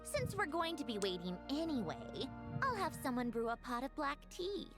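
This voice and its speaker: A woman's voice: high-pitched, sing-song, moderate pace. A woman voicing a sarcastic, haughty female villain in a game, teasing with laughs between lines. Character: sardonic haughty female Harbinger, dry wit. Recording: game voice over clear music.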